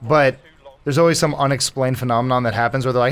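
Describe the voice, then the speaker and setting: Chatty, quick American man. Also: medium pitch, steady tone, a bit bright. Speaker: podcast co-host. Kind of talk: casual podcast chat.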